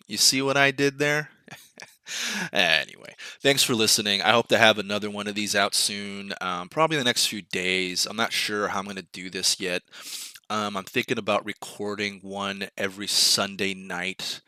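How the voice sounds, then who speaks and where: Young dude doing a chill jokey podcast, bright voice, dry close mic. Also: male voice, lowish voice, normal speed, clear, resonant tone, no echo. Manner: laid-back, jokey. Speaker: podcast host. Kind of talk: casual podcast ranting.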